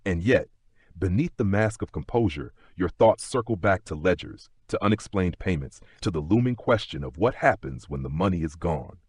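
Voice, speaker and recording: A man gently narrating a sleep story in the second person, with unhurried storytelling. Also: sits low, lively intonation, breathy edge, no room sound.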